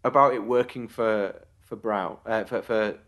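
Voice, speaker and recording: A man's voice: fairly low pitch, steady tone, measured pace, a bit bright. Man co-host, casual chatty review, rambling restarts. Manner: rambling, restarts mid-thought. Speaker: podcast co-host.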